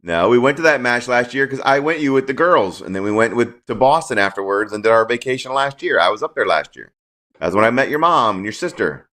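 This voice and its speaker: Podcast co-host, man of mid pitch, blunt, argumentative, swears freely. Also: expressive, a little fast, pushed and bright. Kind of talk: casual chat.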